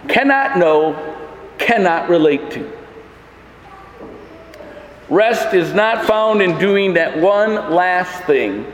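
A man pastor preaching a sermon in a church, emphatic, with many rhetorical questions. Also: high-pitched. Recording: echoey hall with long reverb.

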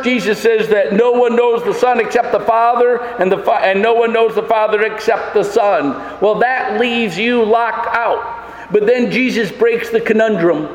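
Male pastor, high voice, emphatic sermon delivery, echoey church hall recording. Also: muffled recording. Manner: emphatic preaching with rhetorical questions. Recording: echoey hall with long reverb.

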